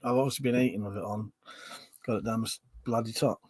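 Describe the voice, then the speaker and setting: He talks fast in a fairly low, steady, darkish voice that's slightly rough, captured in a dry recording. He's a livestream host at home, reading viewer comments with constant laughs, banter and swearing while drinking on stream.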